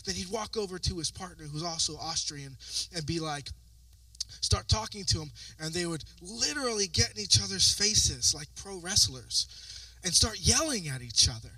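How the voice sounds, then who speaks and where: A man preaching a sermon as pastor, telling stories with lively acted-out voices. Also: high voice, moderate pace, dry recording, far from the mic, poor audio. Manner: animated storytelling with acted-out voices. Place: church sanctuary.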